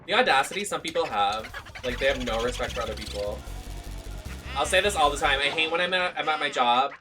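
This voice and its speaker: Sassy streamer over loud game music. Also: mid-range voice. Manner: sassy, animated, swears freely. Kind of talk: live gameplay commentary. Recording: clear game music underneath.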